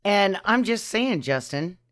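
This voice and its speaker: Soft-spoken, hesitant woman co-host. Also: medium pitch, animated, measured pace. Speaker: podcast co-host. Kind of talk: casual movie-review chat.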